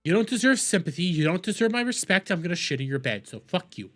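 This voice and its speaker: Man, high voice, lively swings in pitch, profane heated rant, reacting to videos. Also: fast, soft background music. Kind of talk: ranting commentary.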